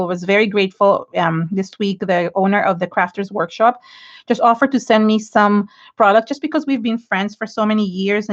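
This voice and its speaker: A middle-aged woman with an Israeli accent, chatting frankly and effusively to viewers on an art livestream, rambling with many fillers and restarts. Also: mid-range voice. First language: Hebrew. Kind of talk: casual livestream chat while inking. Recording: dull lo-fi livestream audio.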